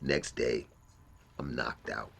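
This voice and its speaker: A man's voice: a bass voice, fairly even intonation, takes it slowly, vocal fry, heavy background noise. A middle-aged man telling a profane story in casual talk, acting out other people's lines. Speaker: interview guest.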